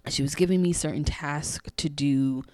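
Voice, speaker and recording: A woman with a low voice hosts a podcast and tells a personal story in a candid, chatty way. She acts out the dialogue, sometimes dropping to a hushed voice. The sound is dry and close, with no room echo. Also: steady tone, normal speed. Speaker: podcast host.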